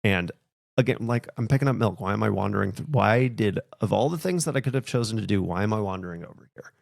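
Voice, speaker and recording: A man's voice: fairly low pitch, animated, fast, gravelly, no echo, clean studio sound. A man hosting a podcast, telling a personal story in a casual, reflective way that turns emotional. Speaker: podcast host.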